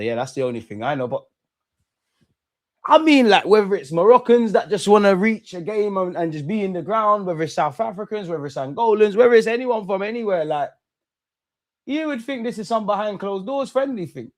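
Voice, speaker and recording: A young man hosts a live football watch-along, at an ordinary pitch for a man. His talk is loose and full of slang, and it jumps into excited bursts.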